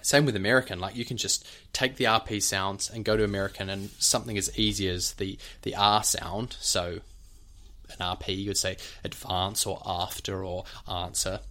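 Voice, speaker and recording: A man's voice: on the low side, steady tone, brisk, sharp tone. A man with a New Zealand accent casually explaining things like a teacher on a podcast. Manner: explanatory, teacherly, demonstrates speech sounds.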